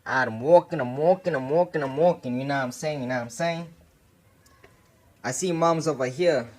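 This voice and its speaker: A young adult man who hosts a channel tells a personal story in a loose, slangy style, packed with casual asides and "you know what I'm saying" fillers. His voice sits on the high side and is a little mellow, at a moderate pace.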